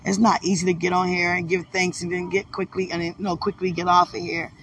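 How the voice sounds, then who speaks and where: Woman gravelly, devout and gushing. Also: on the low side, little pitch movement, quick pace, a bit bright, distant mic, a little hiss or hum. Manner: emotional, devout, rambling with many fillers. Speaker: fiancée giving thanks. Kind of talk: casual heartfelt video message.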